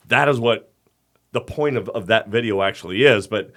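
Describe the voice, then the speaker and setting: Lower-voiced man, emphatic podcast co-host. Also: moderate pace, fairly bright tone. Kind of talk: casual faith podcast chat.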